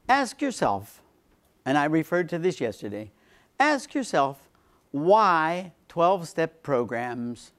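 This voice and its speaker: A man, a priest, giving a lecture on faith to a seminar, repeating phrases for emphasis and dropping into quiet low asides. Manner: animated, swings between emphatic lines and quiet low asides.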